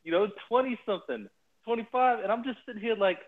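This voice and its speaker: A man's voice: high voice, fast talker. A man co-hosting a podcast, chatting in casual, profane banter. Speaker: podcast co-host. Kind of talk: casual chat. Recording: tinny phone-like line.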